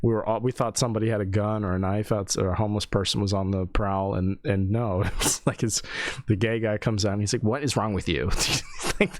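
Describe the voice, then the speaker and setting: A man with a low voice chats casually as a podcast co-host, spinning animated stories and acting out the people in them. The sound is dry and close to the mic, with no room around it. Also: brisk, no echo. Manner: animated storyteller, acts out quotes with laughs. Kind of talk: casual chat.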